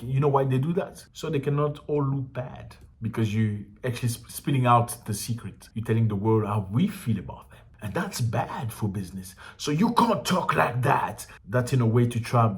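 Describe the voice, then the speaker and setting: A man's voice: mid-range voice, lively intonation, moderate pace. A man with a Congolese accent hosting a commentary show, talking in a passionate, rhetorical way and repeating his questions. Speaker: commentary channel host. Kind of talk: casual opinion commentary.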